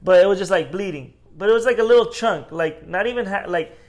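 A man's voice: high-pitched, quick pace. A young man co-hosting a casual podcast, telling a work story and acting out the people in it. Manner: animated storyteller, acts out quotes. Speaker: podcast co-host. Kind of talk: casual chat.

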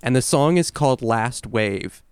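A man co-hosting a casual podcast, talking with eager enthusiasm and drifting into long explanations. His voice is smooth and clear. The sound is dry and close, with no room around it. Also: medium pitch, lively intonation, a little slow, a little mellow, no room sound. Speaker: podcast co-host. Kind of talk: casual chat.

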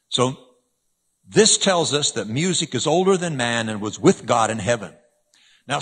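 Man, preacher, husky voice, sermon, very animated delivery, long hall reverb. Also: mid-range voice. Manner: animated preaching with sudden shifts between loud emphasis and hushed asides.

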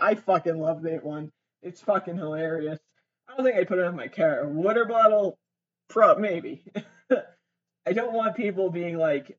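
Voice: mid-range voice, expressive, unhurried, fairly bright tone, dry recording. A young adult comedian rambling casually, swearing freely and giggling often, recorded without an external mic. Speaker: comedian vlogger. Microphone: no external mic, built-in device mic. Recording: dry, dull lo-fi built-in mic.

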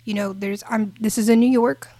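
A woman's voice: mid-range voice, steady tone, moderate pace, dark tone, no room sound. A woman co-hosting a podcast, talking in a casual, emphatic and impassioned way. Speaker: podcast co-host.

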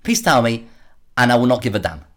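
A man's voice: mid-range voice, very animated, brisk, fairly bright tone. A man hosting a solo commentary podcast, worked up and sarcastic, often repeating words as he rants. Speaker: podcast host.

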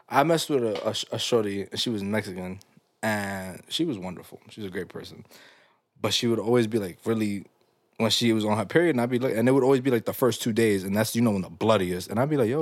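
A man's voice: fairly low pitch, dry recording. A young man hosting a casual comedy podcast, reading listener stories aloud and reacting with crude slang and frequent laughter.

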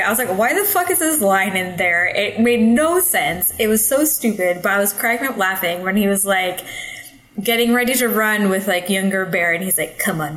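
A woman's voice: mid-range voice, fairly bright tone. A woman co-hosting a casual movie podcast, chatty and giggly. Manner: giggly, playful. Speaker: podcast co-host. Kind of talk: casual movie review chat.

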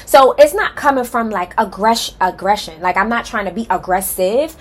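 A woman with a slightly husky, breathy voice hosts her own podcast. She talks passionately and emphatically, straight to her listeners. It sounds like a heartfelt, unscripted solo introduction. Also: mid-range voice, moderate pace. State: nervous and excited. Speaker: podcast host.

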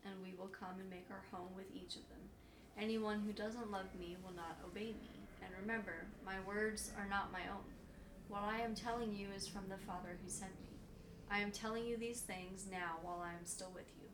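Bible study member, woman, gravelly, steady scripture reader; distant, roomy recording. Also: medium pitch. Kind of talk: reading scripture aloud. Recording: echoey room, from a distance, faint noise.

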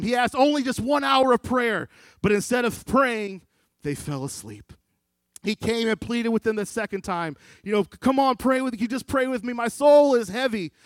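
A man preaching a sermon, quoting scripture and swinging from loud pleading to hushed, low delivery. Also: no room sound. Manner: quotes scripture in King James wording.

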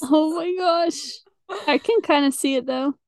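A woman's voice: sits high, unhurried, creaky, darkish tone, dry recording, clean studio sound. A young woman co-hosting a podcast, chatting casually with short replies and easy laughs. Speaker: podcast co-host.

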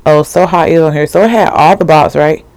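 A woman's voice: low-pitched, fairly quick, darkish tone, dry recording. Chatty young woman rambling casually. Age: 20s. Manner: rambling, slangy, full of asides and fillers. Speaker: podcast host. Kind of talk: casual solo chat.

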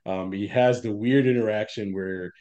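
A man co-hosting a casual movie podcast who talks in an animated, profane way and laughs easily. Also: on the low side, moderate pace, highs cut off. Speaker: podcast co-host. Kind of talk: casual film discussion.

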